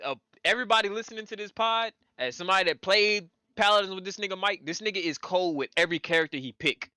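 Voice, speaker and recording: A man co-hosting a casual gaming podcast, loud, profane and teasing. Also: high-pitched, quick pace, smooth, no room sound, studio quality. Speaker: podcast co-host.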